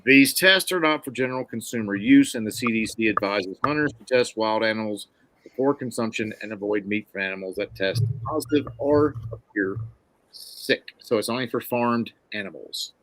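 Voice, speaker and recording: Excitable Southern man with a bright voice. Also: on the low side, normal speed, dry recording. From Mississippi. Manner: excitable, folksy slang. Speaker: podcast host. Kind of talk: casual podcast chat.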